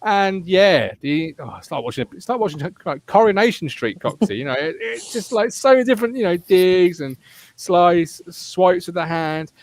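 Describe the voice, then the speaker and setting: A man hosting a casual fan podcast, with a slightly raised pitch. He talks in an animated, jokey way and teases his co-hosts. The sound is dry and close. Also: moderate pace, no room sound. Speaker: podcast host.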